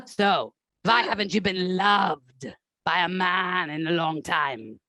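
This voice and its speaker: A woman voicing a severe female therapist with a German accent, asking slow, clinical questions. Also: lowish voice, pushed and bright, heavily acted. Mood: stern.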